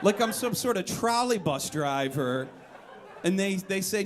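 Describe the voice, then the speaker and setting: The audience laughs as a young man tells a one-man comedy story live on a club stage at a music venue. He keeps a moderate pace, animated throughout, and bursts into shouts and squeaky voices to quote others.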